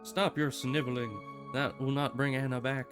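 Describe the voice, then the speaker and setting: A man's voice: mid-range voice, level tone, normal speed, natural voice. A man reading the lines of a vengeful old male sage in a stern, clipped way, over guitar music.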